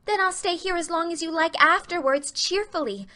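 A woman voicing an imaginative, dramatic young orphan girl who pleads in a high, breathless voice. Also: moderate pace, sharp tone. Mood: pleading.

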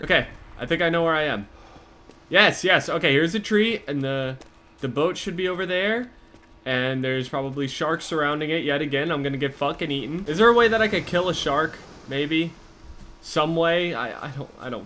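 A young man talks through a game as he plays it, swearing freely. His voice is fairly high and very bright, and it leaps around in pitch. He drops to a mutter one moment and breaks into panicked shouting the next. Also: moderate pace, slight background noise. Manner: profane, excitable, jumps from muttering to panicked yelling. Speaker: gaming commentator. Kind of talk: live gameplay commentary.

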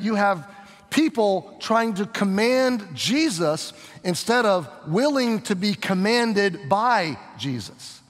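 A man teaching scripture verse by verse as a pastor, talking in an animated way and acting out the voices of the people and Jesus. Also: takes it slowly. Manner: animated, voices the crowd and Jesus with shifting pitch. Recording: long hall reverb.

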